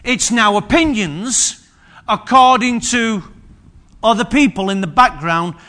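A man's voice: high-pitched, slow, pushed and bright. A man preaching a sermon, repeating phrases for emphasis and restarting his sentences often.

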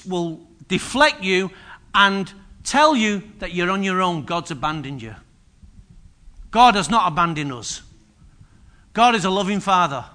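A man preaching with a high, bright, forceful voice. He swings between quiet asides and loud, emphatic bursts as he acts out scripture. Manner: energetic preaching, voices biblical figures with sudden loud rises. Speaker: pastor. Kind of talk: sermon.

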